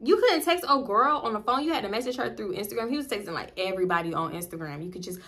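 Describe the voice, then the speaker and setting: A woman with a Southern US accent telling a casual storytime, slangy and profane, jumping in pitch as she acts out what others said. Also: fast talker. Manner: animated, acts out quoted dialogue with big pitch jumps; slangy, profane, addresses viewers as y'all. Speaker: storytime vlogger.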